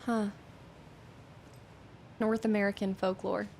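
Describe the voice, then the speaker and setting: Young woman game streamer, slow drawl with vocal fry, faint background hiss. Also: medium pitch. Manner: musing aloud, reading in-game notes, dropping to whispers. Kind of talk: let's-play commentary.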